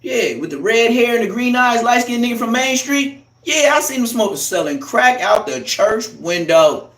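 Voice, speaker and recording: A man doing a loud, profane, heated comic rant as a live streamer, recorded in an echoey room. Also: extremely high pitch, expressive, normal speed, distant mic.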